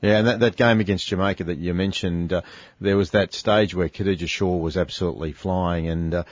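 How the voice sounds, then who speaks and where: A man hosting a radio chat, speaking haltingly with many fillers. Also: low-pitched, fairly even intonation, no room sound, muffled recording. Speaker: radio host.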